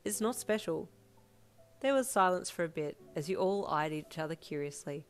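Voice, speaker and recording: Woman narrating a fanfic, low voice. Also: a little fast. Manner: calm, storytelling. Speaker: fanfiction reader. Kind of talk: scripted narration. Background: soft lofi piano music.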